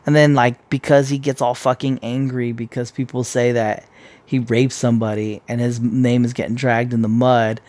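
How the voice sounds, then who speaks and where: A man's voice: mid-range voice, little pitch movement, moderate pace, a little mellow. A man giving casual commentary in a blunt, profane way, rambling and restarting his sentences as he goes. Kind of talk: casual opinion rant.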